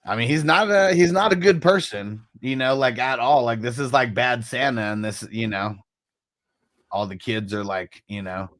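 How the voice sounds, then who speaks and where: A man co-hosting a podcast, relaxed and agreeable, swearing casually. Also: medium pitch, moderate pace, dry recording. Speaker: podcast co-host. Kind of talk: casual chat.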